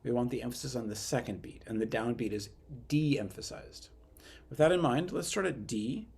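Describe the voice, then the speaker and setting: A man coaching young musicians through a passage in an online rehearsal. He explains accents in a relaxed, meandering way with plenty of fillers. He breaks into sung rhythm syllables to show what he wants. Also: mid-range voice, moderate pace, creaky, husky. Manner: sings rhythms with syllables to demonstrate; relaxed, hesitant phrasing with fillers. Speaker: youth orchestra conductor. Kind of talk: rehearsal instruction.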